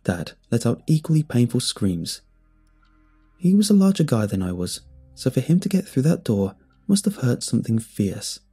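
A man narrating a first-person horror story in a tense, measured way. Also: medium pitch, very animated, dark tone, slightly rough. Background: faint music.

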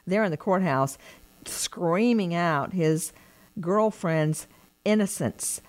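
A woman's voice: lowish voice, slow pace, a little hiss or hum. A woman hosting a true-crime TV show, talking in an emphatic, incredulous way. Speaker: host. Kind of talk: true-crime TV talk commentary.

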